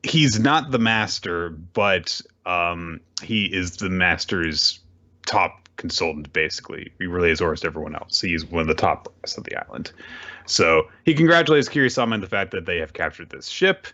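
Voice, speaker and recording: A man's voice: low voice, expressive, normal speed, sharp tone, highs cut off. A man hosting a casual recap show, talking animatedly with bursts of swearing and voiced character lines. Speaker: podcast host. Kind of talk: casual manga recap chat.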